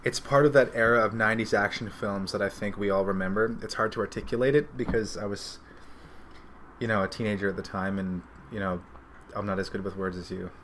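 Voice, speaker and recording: Casual man in his 30s on a podcast, lower voice, goofs around, slight hiss behind. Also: fairly even intonation, a little fast, fairly bright tone. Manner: enthusiastic, joking. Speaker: podcast co-host. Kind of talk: casual chat.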